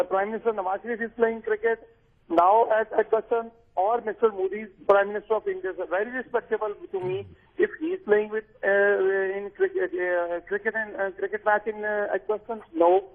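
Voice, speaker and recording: A high-voiced man calls into a heated news panel from Pakistan. His words come in halting, insistent bursts over a tinny phone line. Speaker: phone-in guest.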